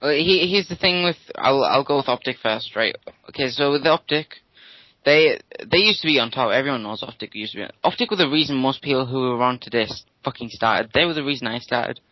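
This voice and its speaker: A man's voice: medium pitch, expressive, a little fast, no echo. A young British man co-hosting a podcast in casual chat, teasing and swearing, with frequent restarts. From United Kingdom. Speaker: podcast co-host. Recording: dull lo-fi mic sound.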